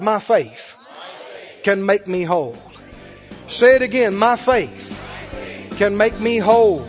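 High-voiced preacher in an echoing hall. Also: male voice, husky. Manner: preaching with call-and-response, dramatic pauses and acted quotes. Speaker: pastor. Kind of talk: sermon. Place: church service with a congregation. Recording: lo-fi broadcast with long hall reverb.

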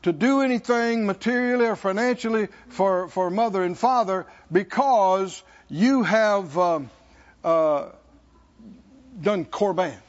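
High-voiced preacher, slow and emphatic. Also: male voice, muffled recording. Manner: call-and-response preaching, slows for emphasis. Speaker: pastor. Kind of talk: sermon.

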